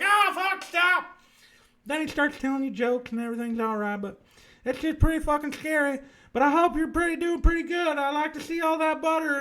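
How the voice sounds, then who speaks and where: A man voicing the ghost of an effeminate southern man with a lisp who used to host an ASMR segment. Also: fairly bright tone. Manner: high lilting sing-song chatter.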